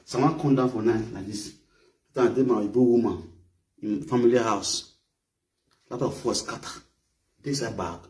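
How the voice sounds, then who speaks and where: A Nigerian man giving an animated, mocking live-stream rant in Pidgin-flavored English. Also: normal speed, pauses often, recorded from a distance. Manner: animated, mocking, mimics others in high voices. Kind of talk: ranting live-stream commentary. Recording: echoey room, off-mic.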